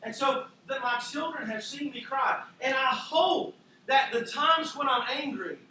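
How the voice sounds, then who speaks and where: A man's voice: very high-pitched, a little slow, sharp tone. A man preaching a sermon as pastor, conversational with self-deprecating asides. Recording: echoey hall from far off, faint noise.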